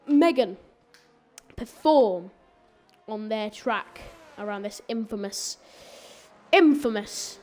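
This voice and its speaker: A woman's voice: high voice, a little mellow. Chatty, rambling female race commentator. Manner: rambling, chatty, stumbles and corrects herself. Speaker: sim racing commentator. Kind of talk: live esports race commentary.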